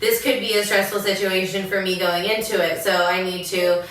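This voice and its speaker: Bright-voiced woman in an echoey room. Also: medium pitch, steady tone, normal speed. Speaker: podcast co-host. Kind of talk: casual chat. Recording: echoey room, mic far off.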